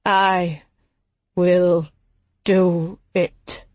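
A woman narrator voicing a grieving village man who sounds strained, exhausted and zealous, in a slow, unhurried delivery. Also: on the low side, little pitch movement, darkish tone, no room sound. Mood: grim.

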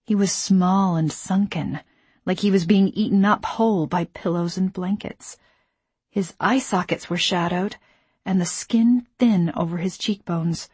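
A woman narrating a first-person novel in a measured voice, dropping to whispers in tense moments. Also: lowish voice, darkish tone, slightly rough, no echo. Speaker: audiobook narrator.

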